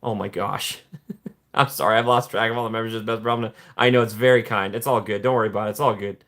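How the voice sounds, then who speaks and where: A man hosting a casual live stream, reading viewer comments in a playful, jokey way, often laughing and jumping up in pitch when excited. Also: quick pace.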